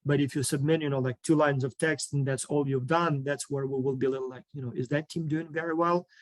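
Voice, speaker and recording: A man's voice: mid-range voice, little pitch movement, fast talker, dry recording. A man explaining a student project program in an online session, informal, with many fillers, listing items one by one.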